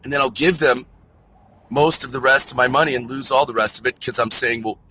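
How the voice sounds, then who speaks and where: A man's voice: mid-range voice, fairly even intonation, brisk, sharp tone, a little hiss or hum. A man delivering an angry, profane, rambling rant to camera outdoors near a store. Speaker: vlogger. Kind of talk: ranting monologue to camera.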